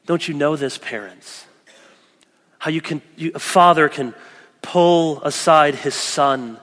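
A man preaching a sermon, earnest, moving between loud emphasis and soft, close asides. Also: on the high side, slow pace, long reverb tail. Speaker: pastor.

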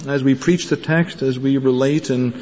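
A man's voice: medium pitch, fairly even intonation, moderate pace, a little mellow, big-room sound, lo-fi sound, slight background noise. A man giving an earnest talk to pastors, telling stories and acting out the voices of the people in them. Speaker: speaker addressing pastors. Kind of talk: conference talk with storytelling.

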